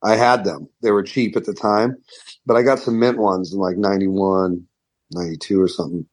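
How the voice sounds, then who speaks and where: A man's voice: deep voice, steady tone, moderate pace. A middle-aged man, a guest guitarist, telling a story in a rambling, profane way full of restarts. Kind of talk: casual storytelling interview.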